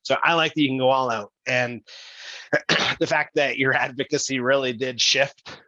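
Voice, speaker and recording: A male podcast host reflects back on his guest's story with enthusiastic affirmation. His voice is bright and forward, recorded dry and a little muffled. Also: medium pitch, steady tone, normal speed, no room sound. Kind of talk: conversational podcast hosting.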